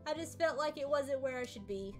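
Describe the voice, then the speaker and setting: A defensive, evasive young daughter voiced by a woman reading game lines in a high, near-natural voice. Faint music plays underneath. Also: fairly quick, lightly acted. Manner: reading game dialogue aloud in a mostly natural voice.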